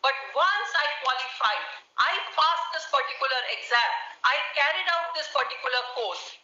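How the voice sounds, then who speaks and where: A woman's voice: high voice, pushed and bright. A woman advocate, formally arguing a case before judges. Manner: formal, addresses the bench repeatedly. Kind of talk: courtroom argument. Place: courtroom. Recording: dull roomy courtroom audio.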